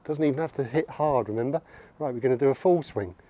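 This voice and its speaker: A man's voice: medium pitch, quick pace, warm tone. A man coaching golf outdoors, upbeat and encouraging as he demonstrates swings. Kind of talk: on-course golf instruction.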